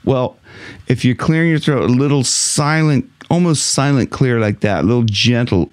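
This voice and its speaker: A man teaching a casual singing lesson, explaining in a laid-back, rambling way and often clearing his throat. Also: mid-range voice, normal speed, dry recording. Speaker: vocal coach.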